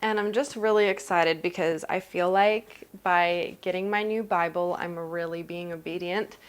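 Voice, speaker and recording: A young woman who grew up in New Zealand, chatting excitedly through a casual unboxing vlog and gushing with gasps. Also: lowish voice, normal speed, smooth. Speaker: vlogger.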